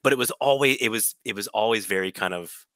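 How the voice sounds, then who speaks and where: Bright-voiced male podcast co-host. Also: lowish voice, fast, no room sound. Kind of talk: casual chat.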